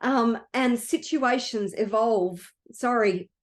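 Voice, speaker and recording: High-voiced woman giving a motivational talk. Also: slow. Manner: earnest and emotional. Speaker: wealth coach.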